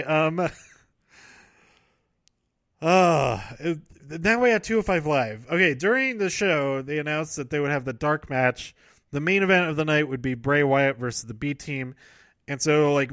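A man's voice: a little high, expressive, moderate pace, fairly bright tone, no echo, studio quality. Rambling man recapping a show. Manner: rambling, self-correcting, laughs often. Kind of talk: casual wrestling show recap.

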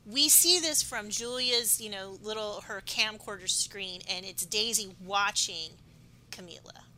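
Woman cohost, super bright sharp voice, gets all emotional, bit of hiss behind. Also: mid-range voice, measured pace, rough recording. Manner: emotional, chatty, drifts into personal stories. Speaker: podcast co-host. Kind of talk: casual recap chat.

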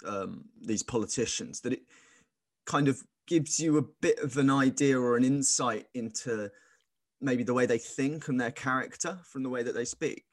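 A man's voice: medium pitch, normal speed, no room sound, clean studio sound. A man interviewing a guest, asking a thoughtful question. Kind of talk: casual interview.

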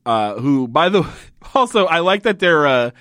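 A man co-hosting a podcast, recapping a show in loose, profane casual chat and acting out the characters' lines in quick voices. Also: a little high, very animated, a bit bright, no echo, clean studio sound. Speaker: podcast co-host.

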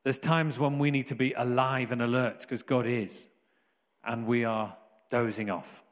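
Earnest preacher with hall reverb. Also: male voice, mid-range voice, steady tone, measured pace. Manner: conversational, earnest, jokey asides. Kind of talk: sermon.

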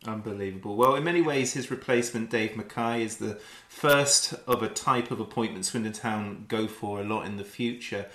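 Podcast host asking prepared questions. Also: male voice, fairly low pitch, normal speed, few pauses, a bit bright, reverberant. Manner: prepared questions, reads history links. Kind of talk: podcast interview.

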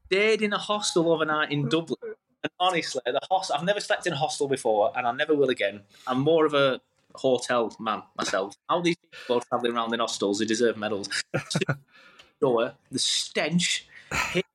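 Bloke in his thirties, podcast guest, animated rambling storyteller, mid-pitched, keeps cutting himself off. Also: a little fast. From England. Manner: animated, rambling, self-interrupting. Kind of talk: casual storytelling chat.

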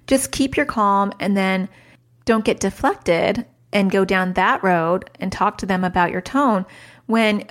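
Chatty self-mocking woman podcast host. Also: mid-range voice. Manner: chatty and self-mocking, mixes advice with home stories. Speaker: podcast host and parenting coach. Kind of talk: casual podcast talk. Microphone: studio mic.

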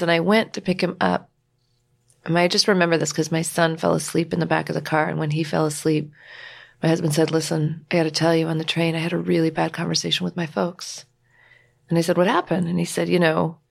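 Gravelly-voiced woman telling a personal story. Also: on the low side. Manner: candid, emotional retelling with quoted dialogue. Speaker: podcast guest.

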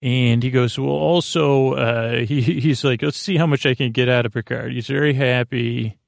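A man hosting a sleep podcast, slowly recapping a TV episode in a meandering, halting way with many fillers. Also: medium pitch, steady tone, vocal fry, dry recording, studio quality. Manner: meandering, halting, full of uh and restarts. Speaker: podcast host.

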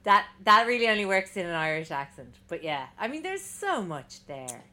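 A woman's voice: medium pitch, big pitch swings, moderate pace, bright, forceful tone. A woman co-hosting a podcast in casual chat, rambling and punning with frequent laughs and restarts. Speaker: podcast co-host.

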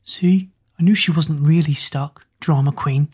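A woman's voice: on the low side, brisk, vocal fry, darkish tone, slightly rough, heavily acted. A woman voicing a sarcastic teenage girl in a storybook reading, muttering her lines in a grumbling, half-whispered way.

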